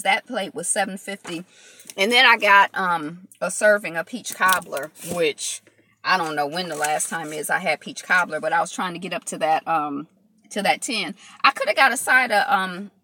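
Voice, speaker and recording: Bright, chatty woman live-streaming. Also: on the low side. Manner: chatty, reads out and answers viewer comments between bites; loose, rambling talk full of fillers. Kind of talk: casual mukbang live chat. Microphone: phone camera.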